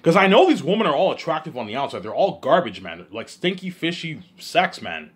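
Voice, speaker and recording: A man talking alone in a rambling monologue, repeating himself and swinging between loud outbursts and low mumbles. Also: very animated, fairly quick, slightly rough. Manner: repetitive, keeps saying "you know what I'm saying". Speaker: host of his own listening series.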